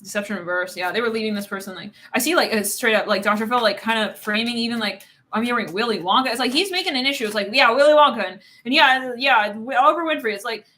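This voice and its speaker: A woman's voice: on the high side, fast, pushed and bright, a little hiss or hum. A woman giving a casual live tarot reading, rambling with many fillers, swearing and laughing often. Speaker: tarot card reader.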